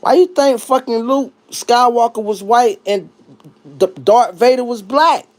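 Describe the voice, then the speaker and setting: A man with a notably high-pitched voice hosts a casual livestream, ranting and joking with plenty of profanity. His delivery is animated and loose. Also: unhurried. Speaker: livestream host.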